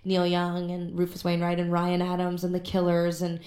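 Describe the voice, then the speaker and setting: A woman's voice: fairly low pitch, monotone, normal speed, a little mellow, reverberant. A young adult woman, a musician guest, chatting casually in a radio interview with many fillers. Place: radio studio.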